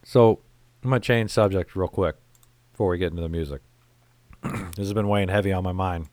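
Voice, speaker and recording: A middle-aged man with a lowish voice talks on a casual podcast, rambling through stories with plenty of swearing. He sounds exasperated. The recording is dry and close. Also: fairly quick, a little mellow, no echo. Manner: rambling, profane, exasperated storytelling. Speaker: podcast host. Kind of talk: casual profane podcast chat.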